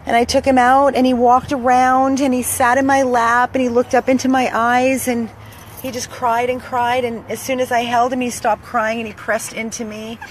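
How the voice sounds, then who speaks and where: A woman's voice: on the high side, little pitch movement, moderate pace, slight background noise. A woman filming a dog rescue for viewers, cooing baby talk to an old dog and speaking earnestly to the camera. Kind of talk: casual vlog, talking to camera and to a dog. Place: outdoors by a car, then inside the car.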